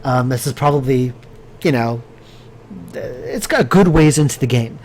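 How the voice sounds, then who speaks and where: This man speaks at normal speed in an animated, medium-pitched, somewhat mellow voice while developing a game on a live stream. He muses aloud casually, stumbles through fillers and false starts, and responds to his chat.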